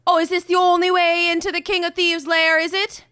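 A woman voicing a brash, smooth-talking female rogue who bluffs her way past guards, glib and needling. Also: extremely high pitch, little pitch movement, brisk, pushed and bright, dry recording, clean studio sound, voice pushed up. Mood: smug bluffing. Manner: glib, needling, confidently argumentative.

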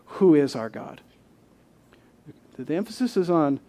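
A man preaches from the pulpit in a slightly higher register. He presses his points with rising rhetorical questions. He reads passages of scripture aloud between them. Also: unhurried, a little mellow. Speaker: pastor. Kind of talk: sermon.

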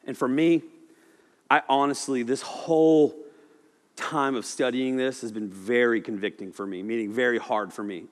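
A man preaching a sermon in a loose, animated, conversational way, often acting out voices. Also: mid-range voice, moderate pace. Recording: echoey hall reverb.

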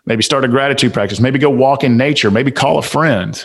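A man with a Southern accent talks as a guest on a podcast. He preaches self-improvement with emphatic conviction and stacks up rhetorical questions. His voice sits at an ordinary middle pitch. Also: brisk, vocal fry, husky. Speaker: guest author and speaker. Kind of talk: motivational podcast interview.

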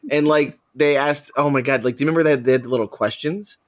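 A man's voice: mid-range voice, fast talker. A man in his thirties telling a rambling story with many fillers in a casual podcast chat. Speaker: podcast host.

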